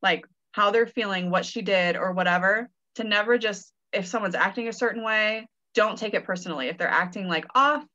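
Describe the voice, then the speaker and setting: Bright woman podcast co-host, slightly dull sound. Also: mid-range voice, fairly quick, hardly any pauses. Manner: playful, teasing, laughs often. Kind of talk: casual chat.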